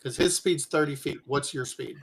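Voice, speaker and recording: A man's voice: mid-range voice, normal speed, slightly rough, poor audio. Man explaining rules as game master. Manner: explains rules patiently and plainly. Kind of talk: running a tabletop game.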